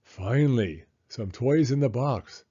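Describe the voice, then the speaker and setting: An exasperated, no-nonsense mother speaks firmly, as a man reading a storybook puts her on. The voice is mellow and slightly husky, with a dull, lo-fi sound. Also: medium pitch, very animated, moderate pace. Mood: weary. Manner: firm, scolding.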